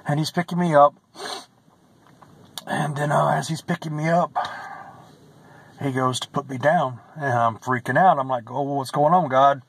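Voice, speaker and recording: A man's voice: fairly high pitch, steady tone, unhurried, vocal fry, pauses often, slightly rough, dry recording, rough recording. A man giving a personal religious testimony, earnest and emotional, who repeats phrases and sometimes drops to a whisper.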